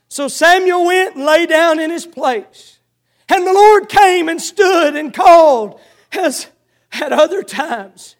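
Preacher guy with a really high voice, goes from shouting to almost quiet telling a bible story. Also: animated, slow. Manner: old-fashioned scripture reading. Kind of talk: sermon.

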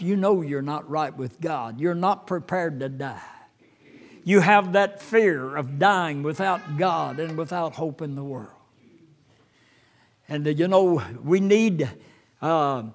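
Slow halting older preacher man. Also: fairly high pitch. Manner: slow, halting preaching with many fillers, rising to fervent quoting of scripture. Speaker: pastor. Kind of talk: sermon.

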